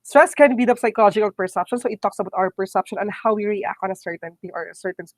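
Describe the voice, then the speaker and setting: A woman teacher with a Filipino accent giving a quick online review lecture, often checking in with "okay?" and slipping into Tagalog phrases. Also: mid-range voice, no echo, rough recording. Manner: brisk, repeats "okay?" and "my dear students"; mixes English with Tagalog phrases.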